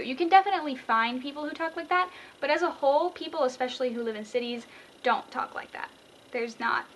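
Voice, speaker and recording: A woman's voice: sits high, pushed and bright, slight background noise, poor audio. A young woman from San Antonio, Texas, chatting to her camera in a casual, self-mocking vlog, recorded in a small closet. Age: young adult. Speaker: vlogger.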